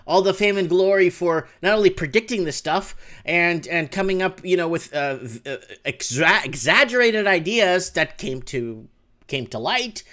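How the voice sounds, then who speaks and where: A man hosting a live call-in show from his home, talking in an animated rant that swings between low mutters and loud outbursts. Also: moderate pace. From Canada. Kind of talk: excited casual live-stream rant. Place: home room with window open.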